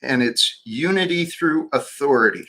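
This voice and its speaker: A man hosting his own livestream, talking in a slow, reflective way with frequent restarts. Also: mid-range voice, expressive, pushed and bright. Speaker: livestream host. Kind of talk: casual livestream chat.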